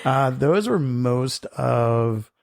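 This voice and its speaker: A man's voice: medium pitch, lively intonation, drawn-out words, vocal fry. A middle-aged man co-hosting a podcast, rambling through stories in casual chat and laughing often. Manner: rambling storyteller, laughs often, acts out quotes. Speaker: podcast co-host.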